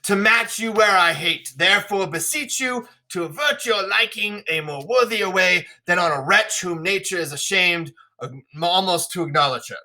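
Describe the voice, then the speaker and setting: Old king, wrathful and proud, read by a teacher at a higher, louder pitch, bright and emphatic. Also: normal speed. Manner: declaiming Shakespeare verse, raised and emphatic. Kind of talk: classroom read-aloud.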